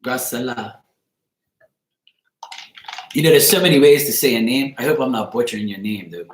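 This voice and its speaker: Male live-stream tarot reader, casual and foul-mouthed, average pitch, recorded with a noticeable room echo. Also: expressive, fast talker, a little hiss or hum. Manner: loose, blunt and crude, rambling with "you know what I'm saying". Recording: echoey room.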